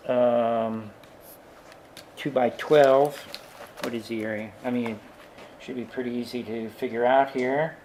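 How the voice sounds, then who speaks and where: A man's voice: mid-range voice, a little hiss or hum. A man teaching a worked engineering example, thinking aloud with frequent fillers and asides. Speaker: engineering instructor.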